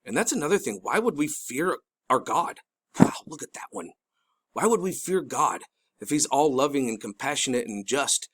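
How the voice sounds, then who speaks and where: A middle-aged man giving casual commentary over a video, urgent and pleading, rambling with many restarts and excited bursts. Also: mid-range voice, moderate pace, slightly rough. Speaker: video host.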